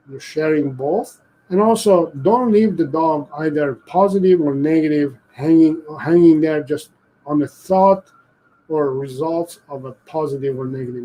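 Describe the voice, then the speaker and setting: A man who trains dogs, explaining his methods slowly and deliberately during a live video, often restarting his sentences. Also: fairly high pitch, warm tone, rough recording. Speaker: dog trainer. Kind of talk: live-stream training advice and Q&A.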